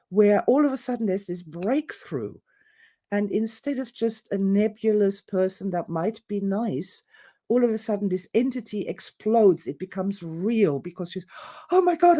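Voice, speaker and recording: A woman giving an opinionated, theatrical monologue, digressing and acting out other people's reactions. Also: mid-range voice. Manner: animated, theatrical, acts out quotes, digressive. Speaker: presenter.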